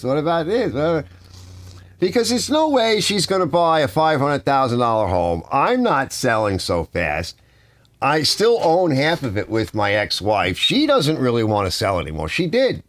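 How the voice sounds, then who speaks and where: An older man hosting a live stream from his garage, chatting casually and telling rambling, animated stories. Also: mid-range voice, no room sound, studio quality. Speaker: livestream host. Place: home garage.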